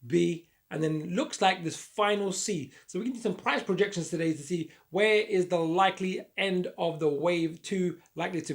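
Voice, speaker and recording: A man with a croaky throat teaches a trading lesson on screen, his voice gravelly with fry. He sits a touch higher than most men and keeps an upbeat, repetitive patter as he draws on the chart. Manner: upbeat, repetitive, talks through drawing on charts. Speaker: trading educator.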